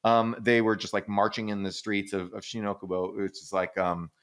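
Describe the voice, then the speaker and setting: A man with a somewhat low voice talks loosely on a podcast, piling up fillers and restarts. He tells stories animatedly, swears casually and laughs now and then. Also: moderate pace. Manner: rambling, animated storytelling with frequent "like" and casual swearing; acts out quoted people in exaggerated voices, laughs often. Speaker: podcast co-host answering listener questions.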